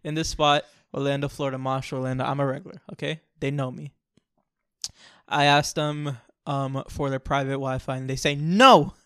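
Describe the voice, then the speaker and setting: A man co-hosting a podcast, telling a long comic story in an animated, joking way. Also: mid-range voice, moderate pace, smooth, dry recording, studio quality. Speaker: podcast co-host. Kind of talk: casual storytelling chat.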